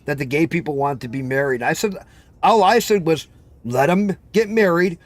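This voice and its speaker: A man's voice: on the high side, normal speed, dry recording. A man hosting a livestream chat, ranting bluntly and repetitively with profanity. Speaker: livestream host. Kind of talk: heated open chat.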